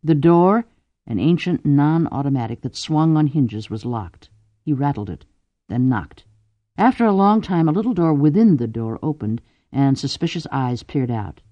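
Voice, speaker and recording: A man narrating an audiobook in a measured, deliberate storytelling manner. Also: fairly high pitch, animated, dry recording, highs cut off. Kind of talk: scripted narration.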